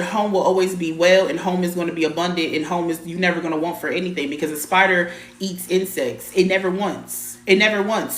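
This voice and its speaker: A woman's voice: lowish voice, fairly bright tone, echoey room. A woman hosting a live spiritual stream, talking casually and bluntly, repeating her points, swearing mildly and greeting viewers by name. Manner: blunt, emphatic, repeats phrases, mild swearing.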